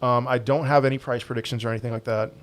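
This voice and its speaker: Host type: blunt American guy, rapid-fire Q&A answers, mid-pitch, gets animated on sports. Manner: blunt, quick opinions, animated and louder on sports. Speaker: crypto channel host answering viewer questions. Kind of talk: casual live Q&A.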